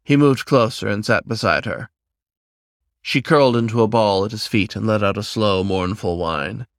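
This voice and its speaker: A man reading a fantasy story aloud as its narrator in a steady storyteller's manner. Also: fairly low pitch, moderate pace, dry recording, studio quality. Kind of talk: scripted narration.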